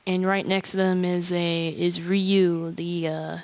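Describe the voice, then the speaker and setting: Rambling female gamer, halting delivery. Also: on the low side, level tone, smooth, no echo. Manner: rambling, halting, with many restarts. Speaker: game video creator. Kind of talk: casual gameplay commentary.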